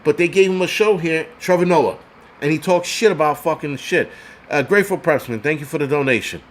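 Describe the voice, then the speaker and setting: On his prepping channel's livestream, a man with a slightly high voice talks fairly quickly through a furious, profanity-laden rant. When he gets worked up, he stumbles and repeats words.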